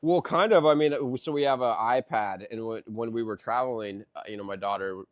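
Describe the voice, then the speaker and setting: A man's voice: medium pitch, fairly quick, no room sound, highs cut off. A man in his thirties in casual podcast chat, a rambling storyteller who swears a lot and keeps saying "dude".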